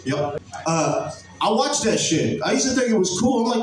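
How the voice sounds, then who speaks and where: A man from Virginia works a comedy stage in a loose, profane style, breaking into chuckles at his own punchlines. His voice sits a little high, is caught from a distance, and rings around an echoey club over steady crowd noise. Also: moderate pace. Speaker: stand-up comedian. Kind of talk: stand-up comedy set.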